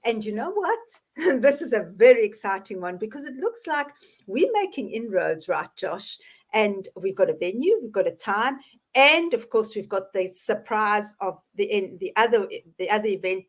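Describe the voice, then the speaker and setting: A woman hosting a casual online chat over a video call, bubbly and quick to laugh. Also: medium pitch, big pitch swings. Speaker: host.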